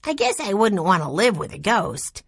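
A woman voicing an eager, hopeful young boy in a storybook reading, pitching up into a child's voice. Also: sing-song, normal speed, creaky, slightly rough, no echo, studio quality, exaggerated voice.

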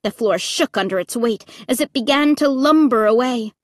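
A woman narrating a first-person audiobook in a dramatic, expressive reading that breaks into shrieks. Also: fairly high pitch, moderate pace, dry recording, clean studio sound.

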